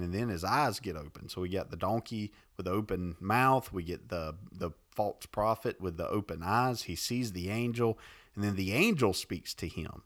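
Male co-host, casual and animated storyteller, lowish voice, lots of pitch movement. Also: moderate pace. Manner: animated, rambling, laughs often. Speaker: podcast co-host. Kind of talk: casual chat, comic Bible retelling.

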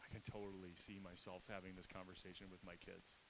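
A man's voice: sits low, flat delivery, fast, gravelly, noisy background. A man in his thirties, a pastor giving a conversational sermon with candid, self-deprecating asides. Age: 30s.

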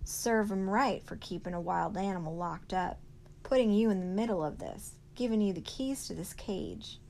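A woman's voice: mid-range voice, moderate pace, vocal fry, darkish tone, a little hiss or hum, lightly acted. A woman reading as a firm, folksy older woman.

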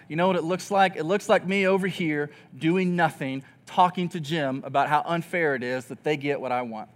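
A pastor with a notably high voice delivers a sermon in a relaxed, conversational way. He slips into the voices of grumbling people to make his point, and his delivery stays earnest and expressive throughout.

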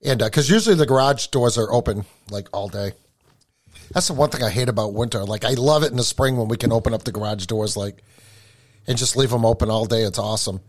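A man's voice: mid-range voice, fast talker. A man from New England hosting a podcast, chatting in an easygoing way. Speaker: podcast host. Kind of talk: casual chat.

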